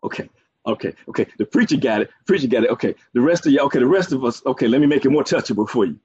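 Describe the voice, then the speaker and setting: A man's voice: mid-range voice, lively intonation, rapid-fire, a little mellow, husky, no room sound. A man preaching a sermon, using folksy asides and a string of "okay"s. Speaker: pastor. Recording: dull, dry, muffled sound.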